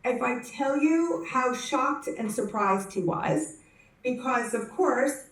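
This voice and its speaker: A woman telling a personal story to a conference audience, animated and acting out the voices in her story, often restarting her sentences. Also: sits high, slow pace. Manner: frequent self-corrections and restarts. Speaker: conference speaker. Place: conference hall. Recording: roomy hall, speaker distant from the mic.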